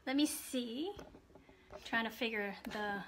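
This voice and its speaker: High, bright-voiced woman chatting live. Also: a little slow, slight background noise. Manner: chatty, greets viewers, frequent ums. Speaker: live-stream host. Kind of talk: casual live-stream chat.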